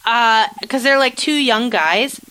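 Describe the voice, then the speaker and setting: A woman with a bright, forward tone chats through an episode recap as a podcast co-host. She talks animatedly, jumping between commentary and playful acted-out quotes. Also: fairly high pitch, slow, clear, resonant tone, poor audio. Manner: animated, chatty, acts out quotes of characters. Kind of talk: casual chat recapping a TV episode.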